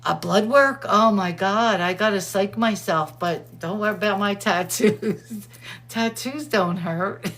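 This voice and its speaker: A middle-aged woman hosting a show, chatting casually and excitedly, laughing often. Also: medium pitch, unhurried. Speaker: host. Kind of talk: casual chat.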